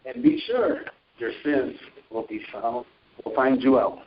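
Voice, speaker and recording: A man's voice: medium pitch, a little slow, gravelly, muffled recording. A man preaching informally on a Christian talk show, telling stories from his own life and reading scripture. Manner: animated storytelling with scripture readings.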